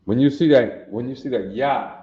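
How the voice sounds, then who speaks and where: A man's voice: medium pitch, moderate pace. A man teaching a language class, repeating words and drilling pronunciation insistently. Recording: echoey, dull lo-fi room.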